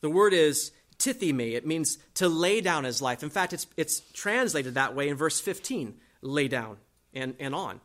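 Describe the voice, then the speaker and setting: Expressive and on the high side, a male pastor works through an expository sermon, reading scripture at a slow pace. He swings between booming emphasis and hushed asides.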